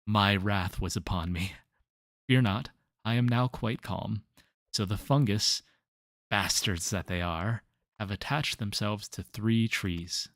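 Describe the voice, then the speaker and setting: A man's voice: on the low side, slow, fairly bright tone, dry recording, studio quality. A man reading a game quest aloud, voicing a hot-tempered male gardener who rants theatrically about pests on his trees. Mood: ranting. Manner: theatrical, ranting with sudden outbursts.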